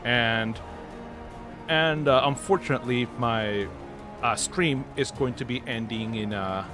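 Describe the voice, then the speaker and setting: Male streamer, unhurried, rambling casual chat over game music. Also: medium pitch. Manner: rambling, many fillers and restarts, laughs easily. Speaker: gaming livestream host.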